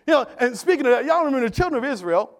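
A male pastor preaching with a strikingly high voice, driving points home with repetition. He keeps calling out to the congregation for answers and amens, swinging between hushed asides and emphatic bursts. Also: very animated, very fast. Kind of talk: sermon.

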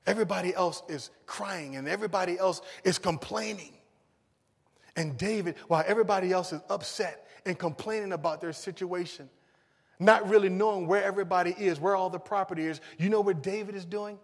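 A man preaching a sermon, moving from loud emphasis to hushed pleading. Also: high-pitched, a little fast, big-room sound.

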